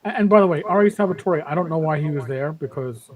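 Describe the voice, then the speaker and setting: A man's voice: fairly high pitch, quick pace, low-quality recording. A man in his fifties talking emphatically in a casual podcast chat, often repeating words as he starts a thought. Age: 50s. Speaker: panelist.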